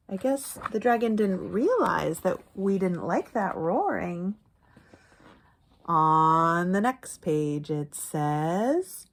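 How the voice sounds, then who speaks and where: A woman reading a picture book aloud to children, pausing to explain words and letter sounds in a teacherly way and shushing softly between lines. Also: on the low side, animated, vocal fry. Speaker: children's story reader.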